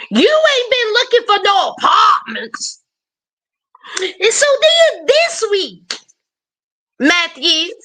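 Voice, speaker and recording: A woman's voice: extremely high pitch, sharp tone. A woman giving a sassy, casual recap of a reality show, scolding the people on screen directly.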